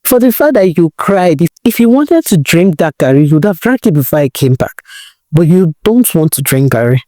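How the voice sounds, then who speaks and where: A woman voicing a gentle young husband who speaks calmly and reassuringly. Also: fairly low pitch, moderate pace, no echo. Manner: calm, reassuring.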